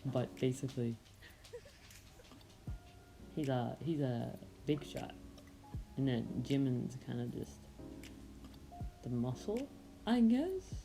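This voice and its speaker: A woman's voice: very deep voice, big pitch swings, takes it slowly, vocal fry, long pauses, warm tone, faint music behind, poor audio. A woman narrating her own drawing process in a casual, meandering way, often hesitating and correcting herself. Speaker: artist narrating a drawing video. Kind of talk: casual rambling voice-over.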